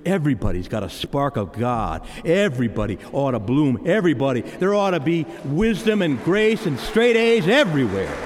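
A man preaching a sermon, emphatic and animated, speaking straight to the congregation. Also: mid-range voice. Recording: reverberant hall.

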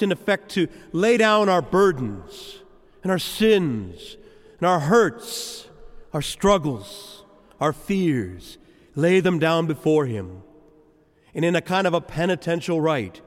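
A man preaching a sermon as a priest, with rhythmic, repetitive phrasing and dramatic pauses. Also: on the high side, long reverb tail. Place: church.

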